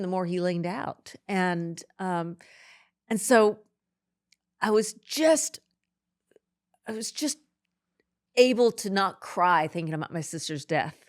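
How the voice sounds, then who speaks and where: A middle-aged woman, a podcast guest, speaking haltingly and emotionally in an interview, with many restarts. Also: on the low side.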